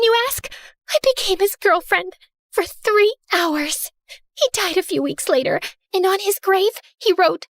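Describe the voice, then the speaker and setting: A young woman narrating an animated story as a spoiled, theatrical rich girl, sarcastic and self-centered. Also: very high-pitched, dry recording, clean studio sound, full character voice. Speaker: first-person narrator.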